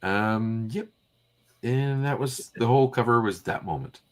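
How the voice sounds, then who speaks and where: A man's voice: medium pitch, measured pace. A man co-hosting a casual comic read-through, narrating and joking in an easy, bantering way. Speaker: co-host.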